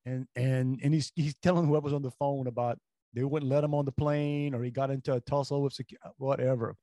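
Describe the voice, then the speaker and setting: A man's voice: mid-range voice, steady tone, brisk, a little mellow, no room sound. A man, co-hosting a talk show and telling a long, rambling anecdote full of restarts. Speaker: radio show co-host. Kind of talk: casual storytelling chat.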